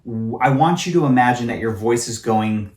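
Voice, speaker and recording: A man's voice: medium pitch, moderate pace, darkish tone, soft background music. A man in his thirties from California, giving a casual singing lesson to camera and demonstrating sounds with his voice. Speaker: voice teacher.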